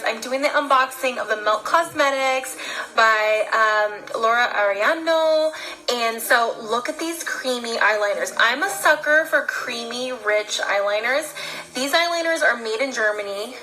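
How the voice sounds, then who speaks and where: A woman's voice: fairly high pitch, normal speed, bright, forceful tone, low-quality recording. A young woman chatting casually through a makeup unboxing, bubbly and gushing about each product. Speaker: beauty vlogger.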